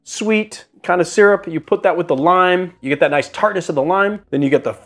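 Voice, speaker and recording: A man's voice: high-pitched, a little fast, fairly bright tone. Chatty man hosting a cocktail demo. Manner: chatty, self-deprecating, rambling asides. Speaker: bartender host. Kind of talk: casual how-to cocktail demo. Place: home bar studio.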